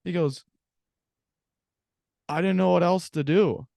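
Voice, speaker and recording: A man co-hosting a casual sports podcast, animated and swearing freely as he tells stories. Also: high voice, takes it slowly, creaky, no echo, studio quality. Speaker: podcast co-host.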